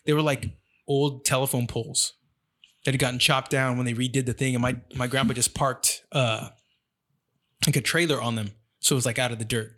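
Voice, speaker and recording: Man, casual chat, profane, animated storyteller, mid-pitched voice. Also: a little fast. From San Jose, California.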